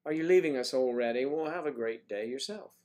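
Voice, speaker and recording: A man's voice: medium pitch, a little fast, a little mellow. An older man hosting a casual morning livestream, chatting playfully and greeting viewers by name as he reads their comments. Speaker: livestream host.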